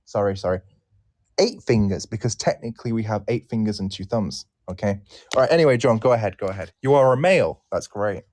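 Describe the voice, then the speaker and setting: A British man hosting a casual online chat, playful and quick to laugh. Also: fairly low pitch. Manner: animated, laughs often, playful. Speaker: host.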